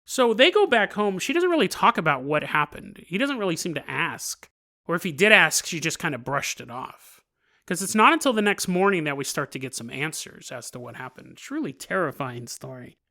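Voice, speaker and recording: Bright-voiced man telling a story. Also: a little high, big pitch swings. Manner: chatty, with joking asides and quick laughs. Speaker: podcast host. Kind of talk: casual storytelling narration.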